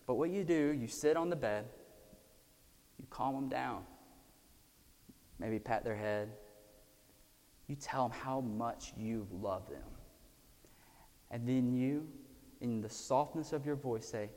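A man preaching a sermon, swinging from loud emphasis down to hushed, almost whispered lines. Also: medium pitch, slow pace, long pauses. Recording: long hall reverb.

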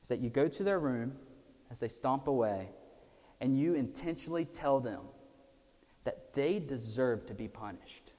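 A man preaching a sermon, swinging from loud emphasis down to hushed, almost whispered lines. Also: mid-range voice, lively intonation, moderate pace. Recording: long hall reverb.

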